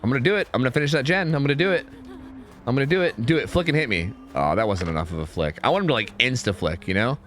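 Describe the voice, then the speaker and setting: A man streaming a game, chatting excitedly and swearing as he talks to his teammates and viewers. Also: medium pitch, very fast, a little hiss or hum. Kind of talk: live gameplay commentary.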